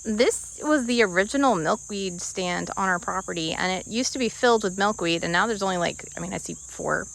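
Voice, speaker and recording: A woman's voice: medium pitch, a little fast, gravelly, few pauses, fairly bright tone, low-quality recording. A woman vlogging outdoors on her homestead, talking candidly and with animation to the camera, laughing often. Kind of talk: casual talk to camera.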